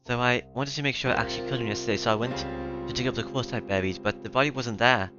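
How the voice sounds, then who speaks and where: A man's voice: mid-range voice, fast talker, muffled recording, over music. A man reading a visual novel aloud, hesitant and correcting himself as he goes. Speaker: reader.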